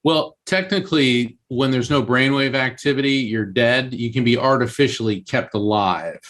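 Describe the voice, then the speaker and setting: Animated male podcast guest telling stories. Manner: animated, with sudden pitch jumps and halting restarts. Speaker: guest medium and author. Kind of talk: storytelling in a podcast interview.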